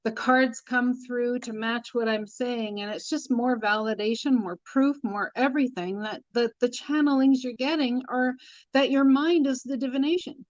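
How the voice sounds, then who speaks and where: Woman tarot host, earnest, emphatic, slightly high voice, dull dry recording. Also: normal speed, no echo. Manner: earnest, emphatic, acts out quoted inner voices. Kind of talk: casual spiritual chat on a livestream.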